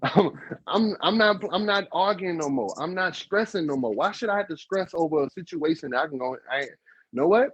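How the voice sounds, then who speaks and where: A man's voice: a little high, expressive, fairly quick, fairly bright tone, slightly rough, dry recording, muffled recording. A man co-hosting a relationship advice podcast, talking casually and animatedly, with emphatic repeats. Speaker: podcast co-host.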